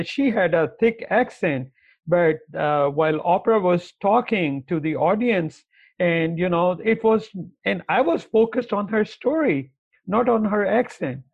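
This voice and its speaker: A man's voice: a little high, muffled recording. A man appearing as a podcast guest, telling stories in an earnest, rambling way. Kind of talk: casual interview chat.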